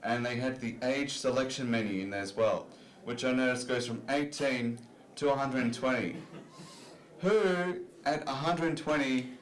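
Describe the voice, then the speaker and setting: A man's voice: mid-range voice, moderate pace. A man doing a stand-up comedy set on a club stage, talking in a loose, self-deprecating way full of "you know" fillers. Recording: roomy club recording.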